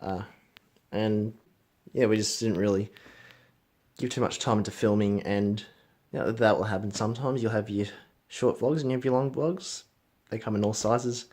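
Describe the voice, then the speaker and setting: A man's voice: lowish voice, fairly even intonation, moderate pace, darkish tone. A man vlogging casually, chatting to his pets and signing off to his viewers. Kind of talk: casual vlog chat.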